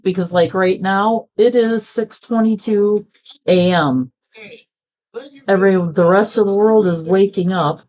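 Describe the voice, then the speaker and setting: With a slightly mellow voice on the low side, a middle-aged crafting vlogger speaks at a measured pace. She chats casually as she works, rambling from tale to tale and acting out other people's lines.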